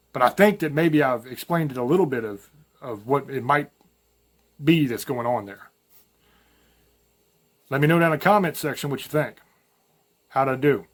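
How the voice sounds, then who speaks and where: Folksy man, higher-pitched voice. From rural Virginia mountains. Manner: folksy, rambling, storytelling with self-quoted asides. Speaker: podcast host. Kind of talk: casual spoken monologue.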